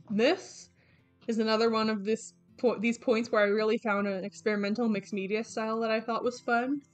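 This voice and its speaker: Chatty young woman, rambling casually. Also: fairly high pitch. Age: young adult. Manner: chatty, rambling, lots of fillers and self-corrections. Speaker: artist vlogger. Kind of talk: casual rambling sketchbook tour. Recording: faint background music. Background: background game music.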